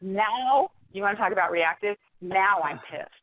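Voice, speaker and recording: A woman guest in a podcast interview, retelling a story in an animated, exasperated way. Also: medium pitch, normal speed, no room sound. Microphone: phone call. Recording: tinny phone line.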